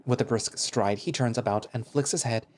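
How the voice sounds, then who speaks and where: A man's voice: medium pitch, moderate pace, a little hiss or hum. A man narrating a visual novel in the first person, in a casual, chatty way that turns hesitant in dialogue.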